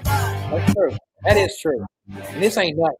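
A man's voice: sits high, lively intonation, unhurried. Easygoing man chiming in over faint music. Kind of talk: casual chat.

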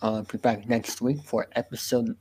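A man hosting a podcast, hesitant and filling pauses with uh and um. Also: medium pitch, flat delivery, noisy background. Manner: hesitant, lots of uh and um. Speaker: podcast host. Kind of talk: casual group chat.

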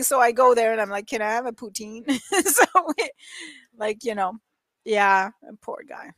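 A chatty woman with a light French-Canadian accent tells stories in a high-leaning voice that swings up and down as she acts out other people. She laughs often, and the sound is close and dry, with no room echo. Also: lively intonation, a little slow. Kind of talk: casual chat.

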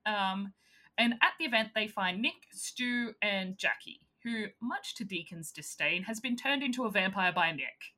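A woman co-hosting a casual chat, animated and giggly, retelling scenes with quick impressions. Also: mid-range voice.

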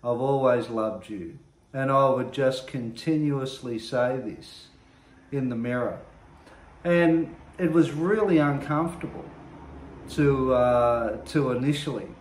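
A man earnestly sharing his own recovery story, reflective and often pausing to search for words. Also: medium pitch. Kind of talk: personal testimony monologue. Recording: roomy echo.

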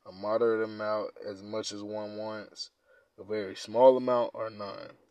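A man hosting a casual podcast, reading quiz questions aloud and reacting in profane slang, dropping to mumbles and then bursting out loud. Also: lowish voice, little pitch movement, a little slow, dry recording. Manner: laid-back, profane slang, swings from mumbling to loud outbursts. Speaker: podcast host.

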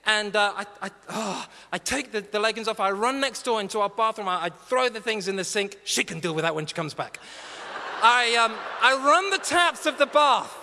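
A man preaching a humorous, story-driven sermon, self-mocking and animated, then earnest and urgent. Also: sits high, fairly quick, creaky. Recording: long reverb of a large hall.

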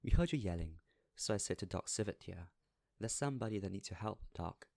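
A man's voice: deep voice, animated, fairly quick, creaky, a little mellow, no room sound, clean studio sound, heavily acted. A man voicing a self-important middle-aged doctor at a party in a storybook reading, officious in manner.

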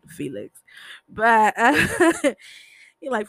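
A woman's voice: mid-range voice, wildly swooping pitch, slow, long pauses, fairly bright tone, no echo. A woman casually recapping a TV episode, talking bluntly, swearing freely and tripping over her words. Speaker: show recapper.

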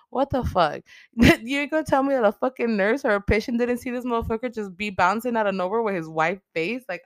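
Profane, animated woman recapping a movie. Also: mid-range voice, dry recording, studio quality. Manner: profane, animated, slangy storyteller. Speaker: host.

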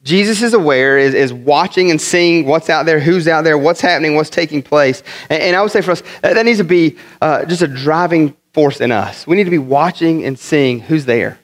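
A pastor from the northern United States preaching a sermon, telling funny stories in an animated way and often repeating his words. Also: fairly high pitch, normal speed, few pauses. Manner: animated, humorous storytelling with many repeated words.

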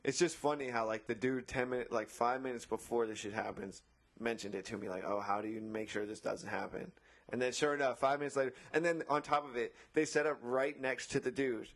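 A man's voice: medium pitch, fairly even intonation, fairly quick. A man who works as a beach umbrella attendant, casually retelling a run-in with a customer, acting out both sides and swearing often. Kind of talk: casual storytelling chat.

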